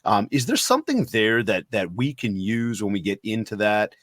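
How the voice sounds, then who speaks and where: A man's voice: fairly low pitch, sing-song, moderate pace, a bit bright, no echo, clean studio sound. A man hosting a podcast, rambling with restarts as he tells a family story and asks questions. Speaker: podcast host. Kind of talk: casual conversation.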